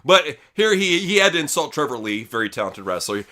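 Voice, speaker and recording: A man's voice: fairly high pitch, very animated, fairly quick, sharp tone. A man co-hosting a wrestling news podcast, swearing freely and mocking the people he reads quotes from. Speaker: podcast co-host. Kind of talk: crude casual news chat.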